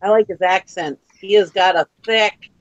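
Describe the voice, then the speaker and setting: A man with a light Minnesotan accent and a fairly high voice chats casually on a live show. He repeats words for emphasis and laughs often. A faint hiss runs under him. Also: normal speed, muffled recording. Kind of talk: casual chat.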